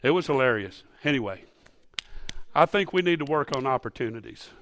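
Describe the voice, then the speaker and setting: A man's voice: mid-range voice, lively intonation, brisk, a little hiss or hum. Folksy man preaching. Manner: folksy, storytelling, building to loud emphatic peaks. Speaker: pastor. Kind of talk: sermon. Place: church sanctuary.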